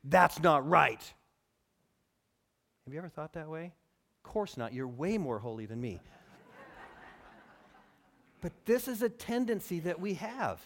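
A pastor preaching a sermon, acting out quotes and building to near shouts. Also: male voice, a little high, normal speed, pauses often. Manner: animated, acts out quotes, rises to near shouting.

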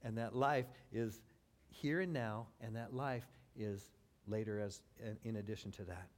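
A man preaching a sermon, swinging between loud emphatic build-ups and low, quiet passages, with wry asides to the congregation. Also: unhurried. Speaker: pastor.

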